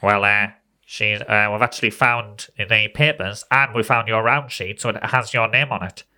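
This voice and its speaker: A man's voice: lowish voice, fairly even intonation, moderate pace, sharp tone. A man imitating a nasal, officious male newsagent boss who hesitates as he accuses someone. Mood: accusing.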